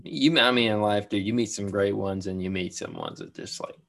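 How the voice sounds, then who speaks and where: A man's voice: on the low side, wildly swooping pitch, a little fast, creaky, fairly bright tone. A young man co-hosting a podcast in casual chat, laid-back, saying "dude" and "like" a lot. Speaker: podcast co-host.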